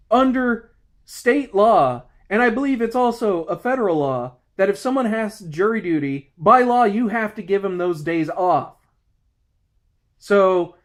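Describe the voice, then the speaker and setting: Man, 30s, high-pitched, heated profane vlog rant about work. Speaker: security guard.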